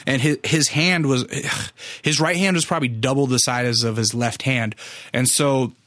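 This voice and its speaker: A man's voice: mid-range voice, steady tone, measured pace, a bit bright, dry recording, clean studio sound. A young man hosting his own podcast, telling a story in a rambling, casual way with lots of swearing and "like". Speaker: podcast host.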